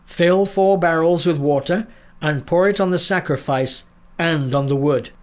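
A man voicing a bold, defiant male prophet in a storybook reading, speaking in a booming, solemn, slow proclaiming way. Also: a little mellow, natural voice. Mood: commanding.

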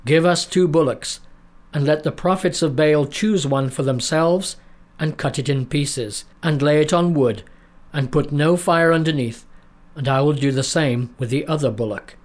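A man voicing a bold, defiant male prophet in a storybook reading, speaking in a booming, solemn, slow proclaiming way. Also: close to an everyday voice. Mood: commanding.

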